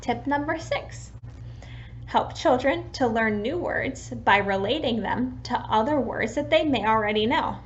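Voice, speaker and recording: A woman giving patient, clear tips in an instructional video on talking with young children. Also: on the high side, unhurried, lo-fi sound, a little hiss or hum. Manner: patient, clear explaining with lively sample phrases. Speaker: early childhood educator.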